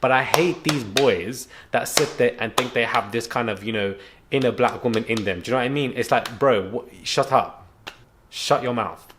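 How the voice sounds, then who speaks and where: A man's voice: mid-range voice, normal speed, background noise. A young man ranting to camera at home, frank and indignant, rambling with restarts and a self-described stutter. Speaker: YouTube commentator. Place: home on a rainy day.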